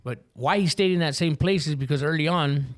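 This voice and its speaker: Speaking briskly in a voice on the high side, a man shares how he recovered, appearing as a guest on a podcast. The telling is loose and rambling, full of curse words and street slang.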